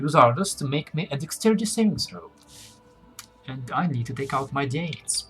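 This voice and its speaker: A man running a tabletop game, talking in a casual, loose way and filling pauses with "uh" and "like" as he works things out. His pitch sits in a middle range, and soft music plays faintly underneath. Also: husky. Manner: casual, thinks aloud with fillers. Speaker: game master.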